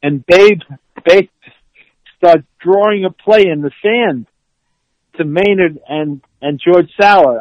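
An older man tells an excitable story, slightly high in pitch, acting out what people said and laughing between lines. The sound is dull and dry, with a lo-fi edge. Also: takes it slowly, pauses often, no echo. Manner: excitable, acts out quotes, laughs mid-story. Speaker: former football player, guest. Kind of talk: animated storytelling in an interview.

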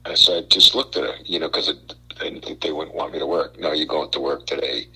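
An older man from Brooklyn, a guest on a radio talk show, telling animated stories and stumbling over repeated words. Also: rumbling low, brisk, breathy edge, poor audio. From Brooklyn, New York. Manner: animated storyteller, repeats words, acts out quotes. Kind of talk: casual radio chat.

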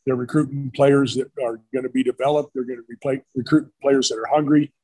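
A middle-aged man with a husky, slightly rough voice tells coaching stories at an easy conversational pace. He rambles from one anecdote to the next and slips into quoted lines from old bosses and his wife. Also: mid-range voice, little pitch movement, quick pace, a little mellow, dry recording, poor audio. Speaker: retired college football coach and staffer. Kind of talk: casual storytelling interview. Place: brewery.

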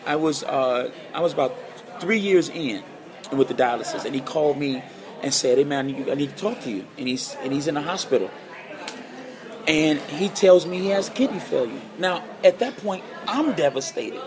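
Animated man telling a personal story. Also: on the high side, moderate pace, crowd noise. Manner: animated, repeats phrases for emphasis. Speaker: guest guitarist.

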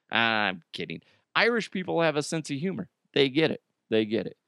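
A man hosting a podcast, talking loosely and jokily with lots of lift and drop in his pitch. He drifts in and out of goofy put-on voices. The sound is dry and close. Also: moderate pace, vocal fry, smooth, dry recording. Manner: joking, animated, puts on silly voices. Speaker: podcast host. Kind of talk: casual comedic chat.

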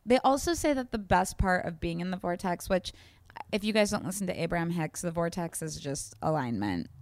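Young woman co-host, lower register, reflective and playful, dry close sound. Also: expressive, a little fast, no room sound. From Kansas. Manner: reflective, spiritual talk with playful jokes. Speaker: podcast co-host. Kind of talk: casual chat.

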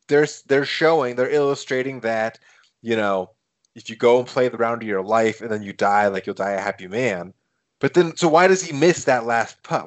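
A man co-hosting a podcast, chatting casually and musing with puzzled questions about a film. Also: medium pitch. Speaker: podcast co-host.

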